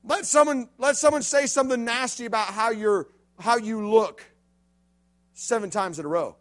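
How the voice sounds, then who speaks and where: Youth preacher, male, very high bright voice, lively jokey storyteller doing character voices. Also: normal speed. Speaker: youth pastor. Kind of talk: animated youth sermon with acted stories.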